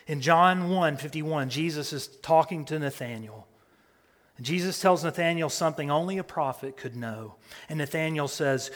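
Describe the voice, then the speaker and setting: A male pastor preaching a sermon, swinging from hushed near-whispers to loud proclamation. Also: medium pitch, normal speed, long reverb tail.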